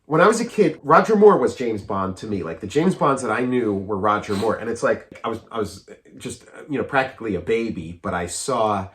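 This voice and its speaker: A man's voice: fairly low pitch, expressive, fairly quick, hardly any pauses, a bit bright. A man in his forties co-hosting a podcast, chatting casually about films in a rambling, eager way full of fillers and restarts. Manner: eager, often laughing. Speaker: podcast co-host.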